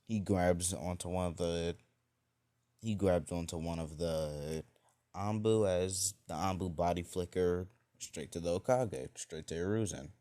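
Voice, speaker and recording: A man's voice: low-pitched, warm tone. A man improvising a fan-fiction story, rambling and full of fillers and restarts.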